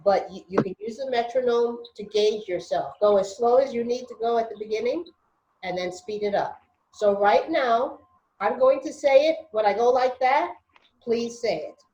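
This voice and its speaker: A woman's voice: a little high, normal speed, dark tone, roomy sound, dull audio. A woman teaching an online Spanish class over a video call, patiently drilling pronunciation syllable by syllable.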